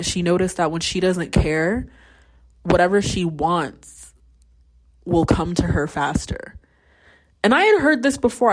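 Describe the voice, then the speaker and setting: A young adult woman hosting a casual mental health check-in, telling stories candidly and swearing freely. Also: on the low side. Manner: candid storytelling, acts out quoted voices. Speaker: podcast host; teacher.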